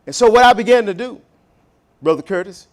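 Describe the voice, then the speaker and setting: High-voiced preacher, rising and dropping. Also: male voice, lively intonation, brisk. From Southern United States. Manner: swings between loud emphatic bursts and low, quiet asides, stretching key words. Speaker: pastor. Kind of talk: sermon. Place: church sanctuary.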